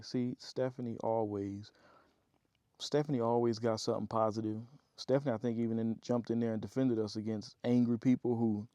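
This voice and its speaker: Man, homestead vlogger, mellow warm tone, dry close sound, rambling chat to viewers, tired. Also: fairly low pitch, no echo. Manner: rambling, talkative, addresses viewers as y'all. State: tired after digging.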